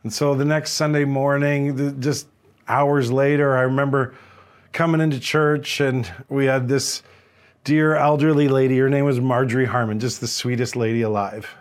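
A man's voice: medium pitch, fairly even intonation, normal speed, smooth. A man preaching a sermon as a pastor, telling a story in an earnest way, often restarting and repeating words.

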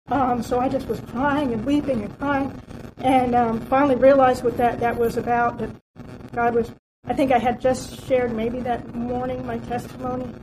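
A woman's voice: on the high side, noisy background. A woman sharing a heartfelt personal testimony from a church outreach, talking in a rambling way with many fillers and restarts.

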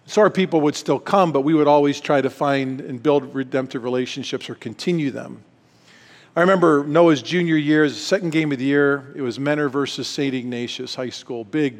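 A middle-aged man giving a casual, story-driven sermon at a retreat, folksy and self-deprecating with quick asides. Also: medium pitch, vocal fry. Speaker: retreat speaker. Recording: long reverb hall.

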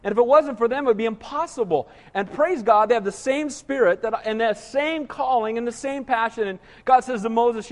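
A man's voice: extremely high pitch, fairly quick, hardly any pauses, long reverb tail. A man preaching a sermon as pastor, conversational and humorous, full of rhetorical questions to the congregation.

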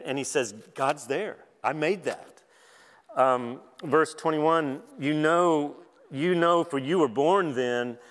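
A man's voice: mid-range voice, a bit bright. A man giving a conversational, self-deprecating sermon at a conference. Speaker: conference speaker. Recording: long hall reverb.

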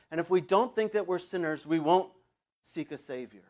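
A man preaching a sermon as the church's pastor, talking in a loose, conversational way with asides and fillers, and getting more animated when he stresses a point. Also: normal speed. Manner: animated, rises in pitch and volume for emphasis.

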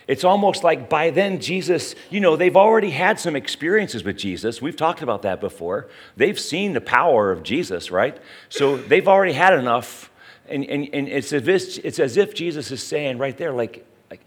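A man's voice: medium pitch, expressive, moderate pace. A middle-aged man preaching a sermon in a conversational way, often asking the listeners questions. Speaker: pastor.

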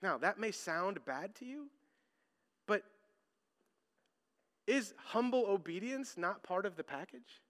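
A man in his thirties, a pastor preaching a sermon, telling stories with loud emphasis and hushed asides. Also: high voice, animated, takes it slowly, pauses often, big-room sound.

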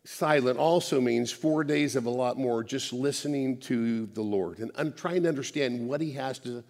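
A man preaching a conversational sermon, often restarting words and dropping soft for emphasis. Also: mid-range voice, normal speed, long reverb tail.

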